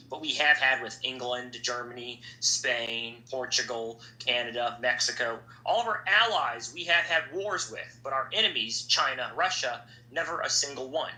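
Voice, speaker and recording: Bright-voiced, swearing young man in an echoey room. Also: medium pitch. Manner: profane, rambling, animated. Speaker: podcast host. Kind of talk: casual podcast chat. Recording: echoey room, faint background noise.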